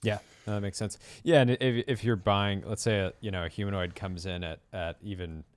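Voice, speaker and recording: A man co-hosting a tech talk show, relaxed and agreeable with the guests. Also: fairly low pitch, a little fast, smooth, dry recording. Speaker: show co-host. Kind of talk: casual talk show chat.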